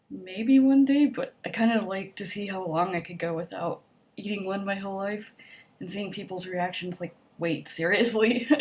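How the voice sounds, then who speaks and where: A woman's voice: medium pitch, slight background noise. A young adult woman casually reading survey questions aloud and answering them in a chatty, upbeat way, with lots of "like" and "um". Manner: chatty, upbeat, optimistic, frequent "like" and "um". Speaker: vlogger.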